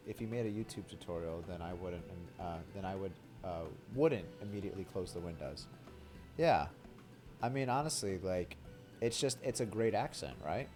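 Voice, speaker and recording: A young male streamer talking loosely over the game, his voice sitting a bit low. He rambles and jokes with a steady stream of "like" and crude asides. Game music plays clearly behind him. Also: moderate pace. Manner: rambling and joking, heavy use of "like", crude humor. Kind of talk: casual live-stream chat while reading game dialogue.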